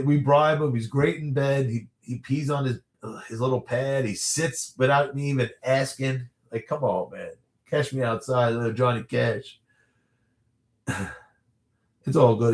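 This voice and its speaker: A man in his thirties chats loosely through a phone livestream, answering viewer questions in a rambling way. He laughs often as he talks. His voice sits at an ordinary pitch and carries the hollow ring of a roomy space. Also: fairly even intonation, a little slow, pauses often. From New York area. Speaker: livestream host.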